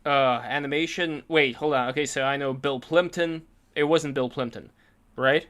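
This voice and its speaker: A man chatting casually on a stream, telling animated stories and swearing freely. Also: medium pitch, moderate pace. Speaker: artist streamer. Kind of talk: casual chat.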